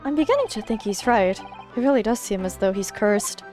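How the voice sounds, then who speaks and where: A woman voicing an earnest, nervous young male defense lawyer in a low-key, uneasy way. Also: lively intonation, moderate pace, a little mellow, soft background music, close to an everyday voice.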